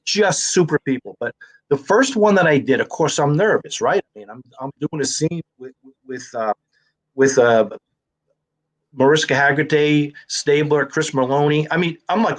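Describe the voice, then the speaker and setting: A man's voice: on the high side, normal speed. A man, an actor and comedian telling stories in a casual conversation and acting out the dialogue. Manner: animated storyteller who acts out quoted dialogue.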